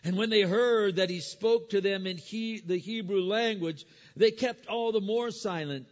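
A man preaching a sermon, retelling a Bible story with animated storytelling and frequent stumbling repeats. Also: high voice, a little slow, big-room sound, muffled recording. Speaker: pastor.

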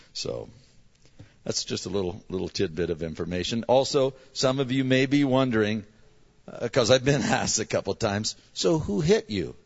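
A man's voice: on the low side, creaky, lo-fi sound. A middle-aged man, a pastor, telling a chatty, self-mocking story to his congregation and acting out the voices of others. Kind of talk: casual storytelling from the pulpit.

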